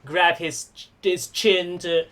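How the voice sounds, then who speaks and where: A man narrating as game master of a tabletop wrestling game, playful and quick to laugh as he describes the moves. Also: high-pitched, level tone, a bit bright.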